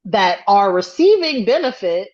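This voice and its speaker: A woman co-hosting a casual podcast chat, telling a story with lively acted-out quotes and frequent hedging. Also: medium pitch, a little slow, dull audio. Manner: animated storyteller acting out quotes, hedges often. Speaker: podcast co-host.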